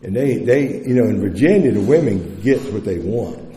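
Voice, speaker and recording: A man's voice: on the low side, expressive, normal speed, mellow. A middle-aged man at a recovery convention telling his personal story in a blunt, profane and candid way, speaking into a podium microphone. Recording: echoey hall with long reverb.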